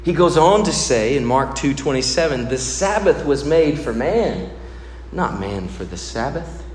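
A man preaching a sermon, swinging between loud emphasis and hushed, low passages. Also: very animated, a little slow, reverberant, in a large hall, slight background noise. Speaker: pastor.

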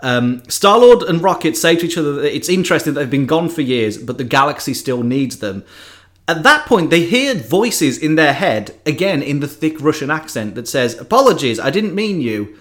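A man in casual podcast chat, telling a film plot in an animated way with frequent asides. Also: on the high side, normal speed.

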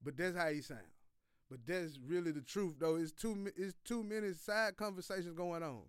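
A man with a fairly high, smooth and clear voice runs through a casual sports rant. He is loose and profane, full of slang, and keeps repeating his points. The sound is close and dry, with no room echo. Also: normal speed. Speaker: sports podcast host. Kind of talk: casual sports commentary monologue.

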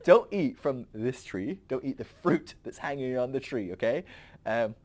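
A man's voice: medium pitch, expressive, normal speed, a little mellow, natural voice. A man voicing a casual, overconfident creator god, chatty and offhand, in a comic podcast retelling. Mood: instructing.

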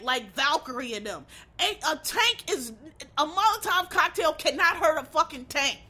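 A high-pitched American woman with a sharp, bright tone lets loose in a casual rant. She is blunt and heated and swears freely as she talks. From United States.

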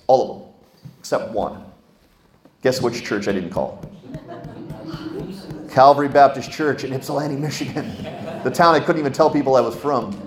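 A man's voice: mid-range voice, reverberant. A man preaching a sermon, telling stories and asking the congregation questions. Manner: storytelling, animated, asks the congregation questions. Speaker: pastor.

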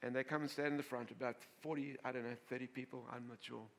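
Bright-voiced, animated male preacher. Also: mid-range voice, quick pace. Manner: animated, laughing, repeats and restarts words. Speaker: pastor. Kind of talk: sermon with storytelling.

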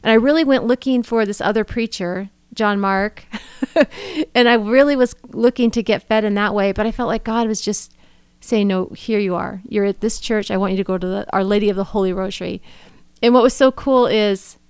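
Earnest middle-aged woman, smooth voice. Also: medium pitch, steady tone, normal speed, no room sound. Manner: earnest, emotional, rambling with restarts. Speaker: podcast co-host. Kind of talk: casual faith conversation.

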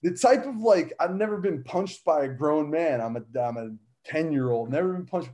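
A man telling a childhood story in casual chat, animated, with lots of fillers and frequent laughter. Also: fairly high pitch, normal speed. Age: adult. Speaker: guest, son of a wrestler.

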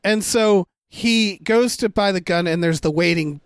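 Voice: medium pitch, unhurried, clean tone, no room sound. Co-host, mid-range voice, rambling film talk, dry close sound. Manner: rambling, many fillers and restarts. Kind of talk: casual chat reviewing a film.

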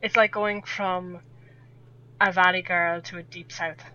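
Podcast guest: woman with a West of Ireland accent, chatty and rambling, bright tone, dull lo-fi sound with faint hum. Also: fairly low pitch, level tone, measured pace. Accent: West of Ireland, Sligo. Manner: chatty, rambling, laughs often. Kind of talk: casual podcast chat.

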